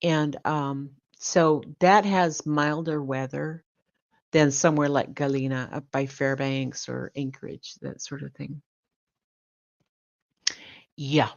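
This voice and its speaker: Older woman host, casual rambling chat, slow and low, muffled lo-fi sound. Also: creaky. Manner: relaxed, rambling with ums. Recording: dull lo-fi audio.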